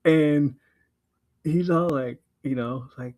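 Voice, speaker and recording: Excitable man gushing about a book. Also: a little high, a little slow, vocal fry, low-quality recording. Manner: excitable, laughing, swears freely. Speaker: podcast host. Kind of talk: casual book recap.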